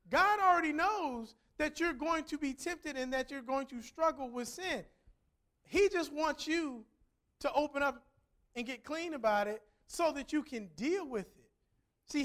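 A man's voice: extremely high pitch, sharp tone. A middle-aged man preaching a sermon, telling a family story in a conversational way that builds to emphatic points. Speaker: pastor.

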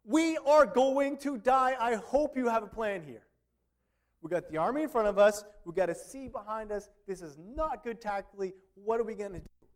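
A man voicing a panicked crowd of fleeing ancient people, complaining frantically in a raised, high voice. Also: moderate pace, lightly acted.

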